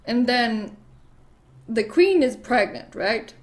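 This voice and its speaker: A woman's voice: a little high, lively intonation, slow. Rambling woman retelling a myth. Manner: rambling, swears freely, laughs, easily distracted. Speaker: vlogger. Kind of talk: casual myth retelling while painting nails.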